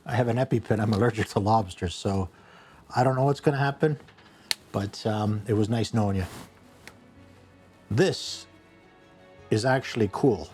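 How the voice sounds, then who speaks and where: A man hosting a casual cooking vlog from a home kitchen, rambling and joking at his own expense, with sudden excited bursts. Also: fairly low pitch, moderate pace, pauses often, soft background music. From Canada.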